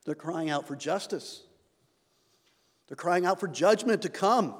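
A man's voice: sits high, unhurried, husky, big-room sound. A man preaching a sermon, earnest, lifting his voice when he reads scripture aloud.

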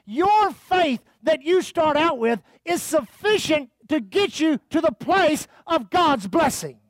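Fervent high-voiced male preacher. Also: expressive, takes it slowly, no room sound. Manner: fervent, calls out to the congregation; reads scripture aloud. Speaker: pastor. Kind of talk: sermon.

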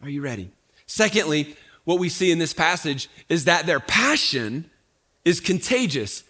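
A man preaching to his church in an easy, conversational way. His voice sits high and sounds bright and forceful. He keeps asking questions of the room and circles back on his own words. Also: sing-song, moderate pace. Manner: conversational preaching with frequent restarts and rhetorical questions. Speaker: pastor. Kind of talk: sermon.

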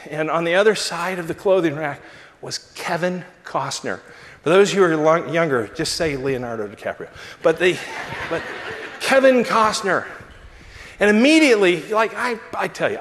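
A man preaching a sermon and telling a personal story with animated, self-mocking delivery. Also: a little fast. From Southern California. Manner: lively storyteller, big pitch swings, self-mocking. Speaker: pastor. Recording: long hall reverb.

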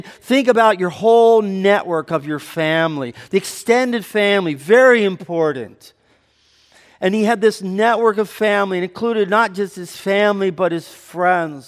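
Preaching man in a reverberant hall. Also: high-pitched. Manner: conversational preaching with audience banter. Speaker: pastor. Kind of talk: sermon.

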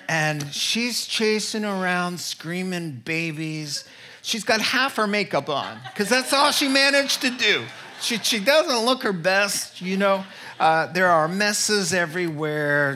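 Animated bright-voiced male preacher. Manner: animated storytelling with wide pitch swings; drops to soft, quiet delivery for emphasis. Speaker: pastor. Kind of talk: sermon.

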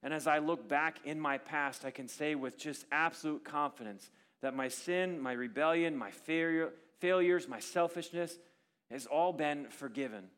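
Pastor, male, fairly high-pitched voice, earnest sermon delivery that swings between punchy emphasis and soft, quiet passages. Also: normal speed, clear, resonant tone.

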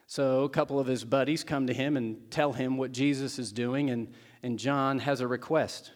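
A man's voice: medium pitch, steady tone, moderate pace. A pastor preaching a sermon in a conversational, storytelling way, acting out the words of the people in his stories. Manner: conversational storytelling, acts out quotes.

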